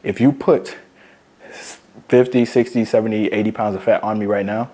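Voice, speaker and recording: Dude fitness coach going off on camera, kinda low husky voice, swears a lot, hammers points home. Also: male voice, fairly even intonation, normal speed, mellow. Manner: profane, emphatic, repeats points for stress. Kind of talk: blunt motivational rant to camera.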